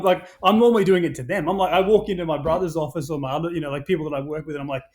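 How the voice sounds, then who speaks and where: A man on a podcast, his voice pitched a little high. He tells his stories in an animated rush, full of restarts and casual swearing. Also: rapid-fire, hardly any pauses. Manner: animated storyteller, swears freely, many restarts. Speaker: podcast guest, brand founder.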